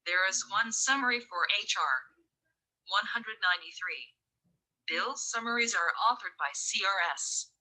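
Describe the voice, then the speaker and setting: A text-to-speech woman's voice reading a bill summary in a flat, even manner. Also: mid-range voice, measured pace, poor audio. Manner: flat, even synthetic delivery.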